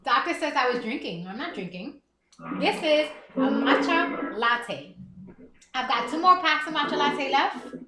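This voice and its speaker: Bright, high-voiced woman chatting on stream. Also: lively intonation, a little slow, faint music behind. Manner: candid, chatty, laughs often. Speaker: livestream host. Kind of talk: casual chat. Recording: echoey room.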